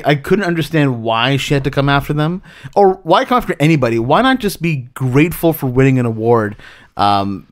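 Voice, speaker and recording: Lively, swearing man in casual chat. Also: mid-range voice. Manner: animated, laughs often, swears freely.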